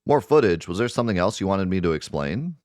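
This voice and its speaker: A soft-spoken, devoted young mother from a game, played by a man reading her lines. Her voice stays earnest and gentle, and it sounds dry and close. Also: sits low, big pitch swings, fast, no echo. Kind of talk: reading game dialogue aloud.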